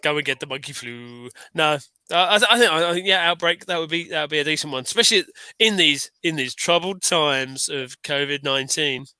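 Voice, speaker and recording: A man's voice: on the high side, fairly quick, pushed and bright, clean tone, no room sound. A man co-hosting a casual livestream chat, enthusiastic and rambling, with many restarts. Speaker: livestream co-host.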